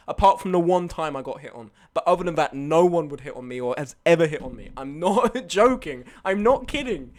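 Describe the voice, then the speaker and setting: A man's voice: a little high, lively intonation, brisk, few pauses. A young man telling a night-out story on a live stream, swearing and arguing back at his chat. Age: young adult.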